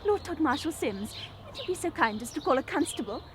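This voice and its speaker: A woman's voice: high-pitched, sing-song, a little fast. A woman voicing a girl who poses as a prissy, affected upper-class lady. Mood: haughty. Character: slum girl posing as a prissy posh lady. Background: music.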